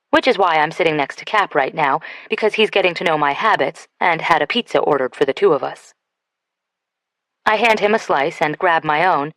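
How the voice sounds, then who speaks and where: Woman narrating an audiobook, casual, conversational, lowish voice, dry sound. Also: fairly bright tone, dry recording. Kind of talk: first-person audiobook narration.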